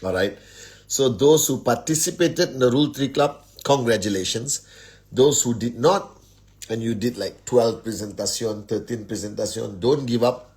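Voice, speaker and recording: Man, live-stream host, upbeat, casual motivational talk, speaking at home into a phone, ordinary pitch. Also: normal speed, a little mellow. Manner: upbeat, rattles off greetings to many viewers. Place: at home, indoors.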